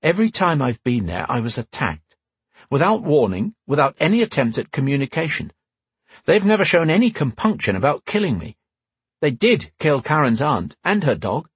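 A man reading an audiobook, voicing a defiant young male wizard with a breathy, raised voice. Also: fairly high pitch, sing-song, moderate pace, no echo, full character voice. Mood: insistent. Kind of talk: audiobook character voice.

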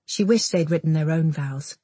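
A woman reads an audiobook in a measured, intimate way. Her voice is low and husky, recorded dry and close. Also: mellow, no room sound. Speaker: audiobook narrator. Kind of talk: scripted narration.

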